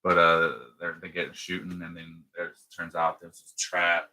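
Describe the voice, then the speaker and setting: A man's voice: deep voice, completely flat delivery, a little slow, pushed and bright. A man co-hosting a podcast, retelling a movie scene by scene in casual, rambling chat full of fillers. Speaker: podcast co-host. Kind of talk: casual film-recap chat.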